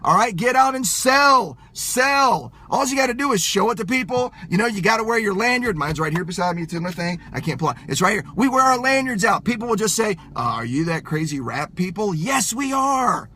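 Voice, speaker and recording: Loud, fired-up man with a bright, high voice. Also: animated, fairly quick, hardly any pauses, a little hiss or hum. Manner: loud, yelling, emphatic, punchy repetition. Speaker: sales motivational speaker. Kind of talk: fired-up motivational pep talk.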